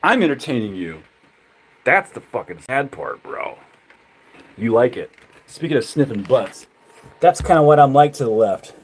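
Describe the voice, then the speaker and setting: A man streaming live and ranting back at his chat, full of mockery and swearing. He laughs often between jabs and swings between loud outbursts and low, muttered asides, at a medium pitch. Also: big pitch swings, moderate pace, long pauses, slightly rough. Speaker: livestreamer. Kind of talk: livestream rant to chat.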